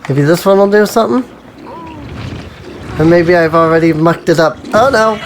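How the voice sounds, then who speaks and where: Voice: medium pitch, moderate pace, a little hiss or hum. Chatty gamer with sudden yelps. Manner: chatty and self-amused, with sudden yelps at mishaps. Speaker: let's play host. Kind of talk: casual gameplay commentary.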